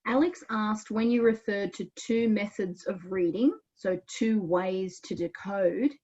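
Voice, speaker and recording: A woman's voice: mid-range voice, fairly even intonation, unhurried, darkish tone. A woman moderating a webinar, reading out audience questions politely and plainly. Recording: slightly dull lo-fi sound.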